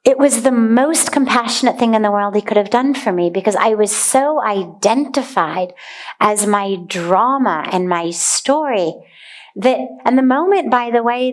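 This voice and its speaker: A woman giving a spiritual talk as a teacher, speaking in a deliberate, earnest way and dwelling on single words. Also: medium pitch.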